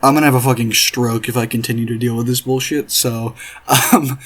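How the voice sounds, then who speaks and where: Guy ranting in a reaction video, husky voice, cusses a lot, sarcastic and fed up. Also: medium pitch, fairly even intonation, a little fast. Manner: profane, sarcastic, exasperated ranting. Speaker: commentary YouTuber. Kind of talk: reaction commentary.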